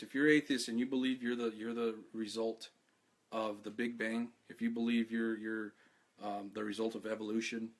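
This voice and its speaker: An exhausted man talking to his followers in a live video, halting and stammering, repeating his words, earnest and heartfelt. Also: fairly low pitch, fairly bright tone. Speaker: activist speaking to followers.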